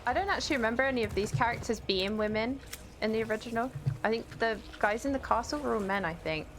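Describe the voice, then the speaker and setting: A woman's voice: a little high, lively intonation, fast, noisy background. A woman live-streaming a game, chatting casually with her viewers and exclaiming at the action. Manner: chatty, reads chat aloud, exclaims at the game. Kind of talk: casual live-stream chat while gaming.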